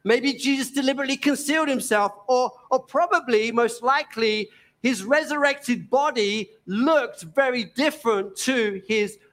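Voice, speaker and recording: An East London man with a Cockney accent delivers a sermon, earnest and gently emphatic, pausing often. His pitch is extremely high.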